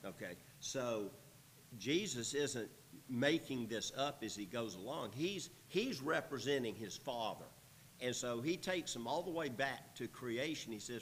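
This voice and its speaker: Lively male Bible teacher with hiss. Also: medium pitch, measured pace, rough recording. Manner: reads scripture aloud, then explains it conversationally with restarts.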